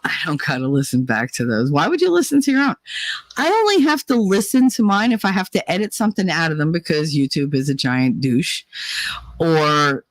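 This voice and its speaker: A woman's voice: low voice, very animated, fairly quick, dry recording, poor audio. A woman livestreamer chatting casually in a blunt, rambling way, swearing and laughing often.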